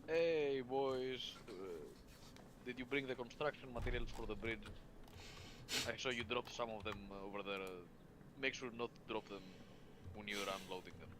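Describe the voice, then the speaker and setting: A man's voice: medium pitch, steady tone, normal speed, lightly acted. A man voicing a male squad captain in a tabletop game, calling out instructions to his troops with many hesitations. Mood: commanding. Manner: calling out with filler-laden instructions. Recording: noisy, distant online call audio.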